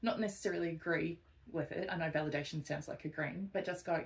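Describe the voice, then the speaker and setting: Low-voiced woman telling work stories. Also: fast talker, vocal fry, low-quality recording. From Australia. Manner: animated storytelling, acts out quotes. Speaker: podcast co-host, social worker. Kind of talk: casual podcast conversation.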